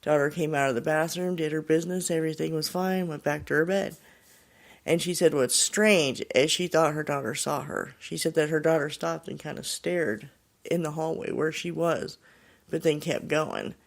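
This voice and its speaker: A man with a somewhat high, gravelly voice hosts a show, casually retelling a listener's eerie experience. He rambles and searches for words, leaning on fillers as he goes. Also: moderate pace. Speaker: podcast host. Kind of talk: casual storytelling of paranormal accounts.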